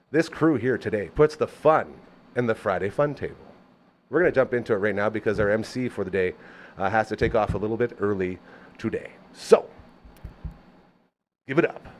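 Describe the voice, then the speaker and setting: A man's voice: moderate pace, slight background noise. A man hosting a live local show, reading a sponsor spot with playful asides and upbeat chatter in a small studio. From Canada. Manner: animated, enthusiastic pitchman with playful asides. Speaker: host. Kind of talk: live show ad read and chat.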